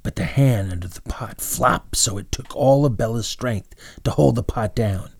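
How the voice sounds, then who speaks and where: Gravelly husky man reading a storybook. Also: medium pitch, moderate pace, few pauses, a little mellow, no echo, studio quality. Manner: dramatic, dropping to whispers at tense moments. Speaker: narrator. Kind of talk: storybook narration.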